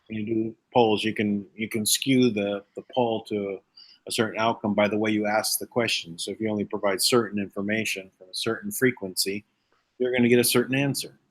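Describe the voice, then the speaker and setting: A man with a somewhat low voice talks loosely and chattily as host of a casual conversation. He leans on fillers and keeps the back-and-forth easy. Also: fairly even intonation, fairly quick, poor audio.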